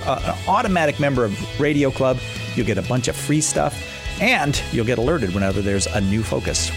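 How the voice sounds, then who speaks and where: A man hosting a talk show, affirming his guest and wrapping up the episode. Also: mid-range voice. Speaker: host.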